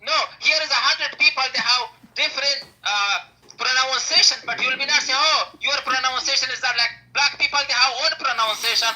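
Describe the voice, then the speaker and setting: A man's voice: very high-pitched, fairly quick, pushed and bright, rough recording. A man who speaks English as a second language, talking in broken English full of fillers as a caller in a heated audio-room argument. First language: not English. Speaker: caller on an audio-app stage.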